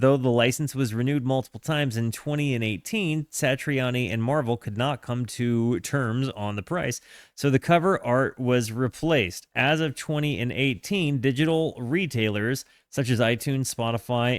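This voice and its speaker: A man's voice: mid-range voice, dry recording. Chatty male streamer, dry close mic. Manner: chatty, halting, with frequent fillers and self-corrections; hearty shout-outs to chat. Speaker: streamer reacting to music. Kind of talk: casual live-stream chat and reading aloud.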